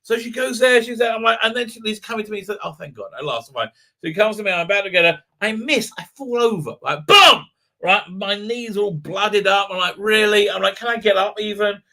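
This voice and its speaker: Middle-aged male livestream host, rambling storyteller, bright ringing tone. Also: high-pitched, fast talker. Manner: animated storytelling, many fillers and repeats. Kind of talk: rambling live-stream chat.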